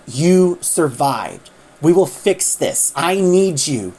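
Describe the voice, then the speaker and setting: The Doctor, earnest male time traveler, low comforting voice; a woman reads him. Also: sing-song, a little mellow, breathy edge, full character voice. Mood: earnest pleading. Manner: slow, insistent reassurance.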